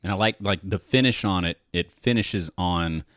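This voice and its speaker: A very deep-voiced man chats easily on a podcast, agreeing often and offering quick tasting notes. His voice sounds close and dry, with no room around it. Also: a bit bright, no room sound. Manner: easygoing, agreeable, short replies and tasting notes. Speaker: podcast co-host. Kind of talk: casual whiskey tasting chat.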